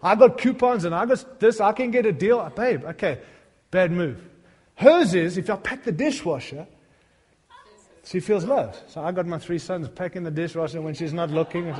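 Middle-aged guy preaching, high voice, jokey stories that build up to passionate appeals, big echoey church hall. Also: normal speed, darkish tone. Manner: humorous, self-deprecating storytelling that builds to fervent appeals. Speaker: pastor. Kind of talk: sermon.

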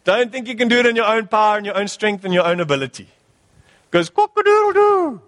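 A man's voice: high voice, quick pace, a bit bright, long reverb tail. A male pastor preaching a sermon, urging his church with emphatic, repeated exhortations.

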